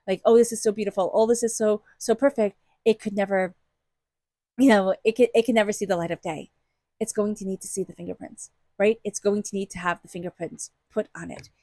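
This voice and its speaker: A woman's voice: medium pitch, darkish tone, no echo. Woman doing a chatty tarot reading, dry close sound, lots of "like" and "you know". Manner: chatty, uses many fillers and acts out inner voices. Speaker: tarot reader. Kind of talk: casual tarot reading monologue.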